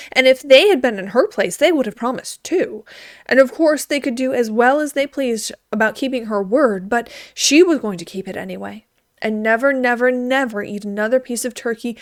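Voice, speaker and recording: A woman reading a story aloud in a gentle, expressive way. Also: fairly high pitch, no room sound, clean studio sound.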